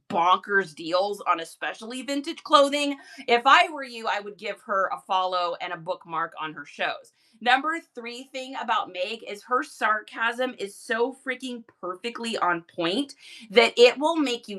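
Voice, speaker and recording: Bright, bubbly woman livestream host. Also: mid-range voice. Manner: energetic, chatty, quick laughs. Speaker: live stream host. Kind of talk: casual live chat.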